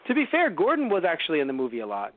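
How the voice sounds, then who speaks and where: A man's voice: fairly high pitch, huge pitch swings. Chatty man on a lo-fi line. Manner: rambling, jokey, does quick impressions. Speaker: podcast co-host. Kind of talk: casual movie review chat. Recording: phone-like lo-fi dry sound.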